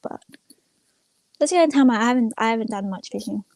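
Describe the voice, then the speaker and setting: A woman's voice: a little high, fast, darkish tone, no echo. A young woman chatting casually on a livestream, rambling and retelling stories with lots of "I'm like.". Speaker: streamer.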